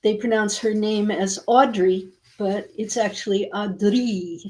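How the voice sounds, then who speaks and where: A woman's voice: mid-range voice, flat delivery, moderate pace, a little mellow, rough recording. An older woman, a comic artist, chatting playfully on a livestream and correcting how character names should be pronounced. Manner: playful, fussy about how names are said. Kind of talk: casual livestream chat.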